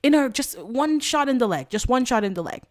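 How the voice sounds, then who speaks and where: A woman's voice: expressive, a little fast, heavy background noise. A woman voicing a frantic young wife. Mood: pleading. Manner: high, panicked and shrill.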